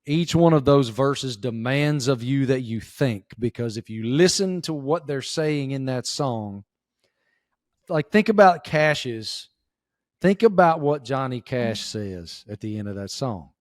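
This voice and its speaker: A middle-aged man with a Southern Appalachian accent, chatting as a podcast guest and telling stories in a lively, folksy way. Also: medium pitch, unhurried, no room sound, clean studio sound. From southwestern Virginia. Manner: animated storyteller, folksy drawl. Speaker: guest, sports reporter. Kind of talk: casual podcast chat.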